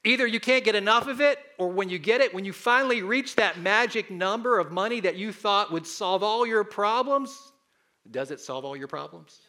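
A pastor in his fifties preaches animatedly at normal speed, his voice sitting high. He leads the congregation in call-and-response.

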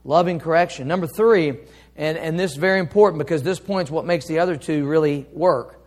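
A man preaching a sermon as pastor, emphatic, swinging up and down for effect and reading scripture slowly. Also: on the high side.

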